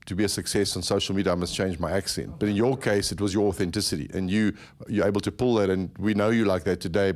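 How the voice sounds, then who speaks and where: A man's voice: low voice, darkish tone. A man from South Africa hosting a podcast interview, talking in long rambling turns and repeating words as he thinks. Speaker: podcast host. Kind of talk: conversational interview.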